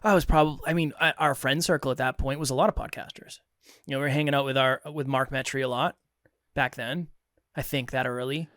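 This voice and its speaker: A man's voice: mid-range voice, fast talker, dry recording, clean studio sound. A young adult man from Massachusetts, co-hosting a podcast in casual chat and acting out dialogue as he tells a story. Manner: animated storyteller, acts out quoted dialogue. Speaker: podcast co-host.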